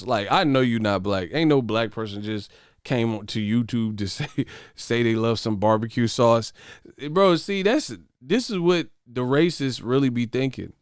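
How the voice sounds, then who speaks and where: A man hosts a boxing channel and rants to his viewers in loose, profane livestream talk. His voice is smooth and clear. The sound is dry and close to the mic. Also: mid-range voice, normal speed, no room sound. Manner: profane, animated ranting. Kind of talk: casual livestream chat.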